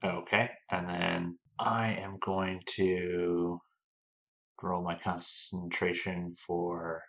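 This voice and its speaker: A man's voice: low voice, level tone, drawn-out words, fairly bright tone, muffled recording. A man playing a tabletop game, methodical and focused on the rules. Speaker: player. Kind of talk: casual tabletop play.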